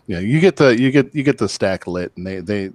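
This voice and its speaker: A man's voice: lowish voice, lively intonation, fairly quick, darkish tone, dry recording. A man running a tabletop game as game master, answering players in an easygoing way. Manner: easygoing, brief confirmations.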